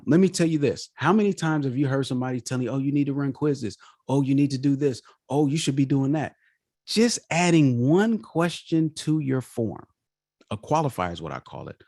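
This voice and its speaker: An animated man lays out business automation like a live workshop. His pitch swings widely as he acts out what clients told him. The sound is dry and close, with no room around it. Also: vocal fry, dry recording. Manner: energetic, animated teaching, acts out client quotes. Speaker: automation expert guest. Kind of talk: live workshop-style webinar talk.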